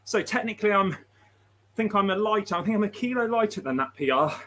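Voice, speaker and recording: A man's voice: sits high, lively intonation, fast, a bit bright. A man hosting a livestream, chatting casually, laughing often and reading out viewer messages. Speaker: livestream host.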